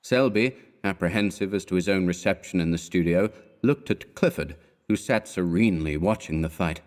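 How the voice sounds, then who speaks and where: A man with a low voice narrates a classic short story as an audiobook, reading in a measured, deliberate storytelling style.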